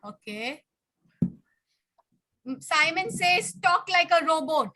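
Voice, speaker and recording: A woman teacher leading a children's class over a video call, coaxing and brisk as she calls on pupils by name. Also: extremely high pitch, expressive, pushed and bright.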